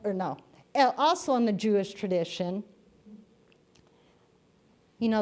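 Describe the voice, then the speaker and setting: Woman minister, middle-pitched, slow and conversational, preaching from the pulpit with stories. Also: dark tone. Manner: storytelling, conversational. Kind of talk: sermon.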